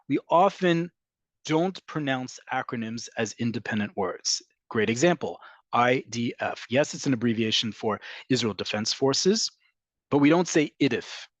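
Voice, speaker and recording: A man teaching an online language lesson, explaining patiently and repeating key words slowly for emphasis. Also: medium pitch, no echo. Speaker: Hebrew teacher.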